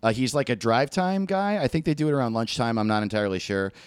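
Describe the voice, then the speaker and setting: A young man on a podcast, swearing freely and animated as he tells a story. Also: mid-range voice, fast talker, clean tone, no echo. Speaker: podcast co-host. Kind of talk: casual chat.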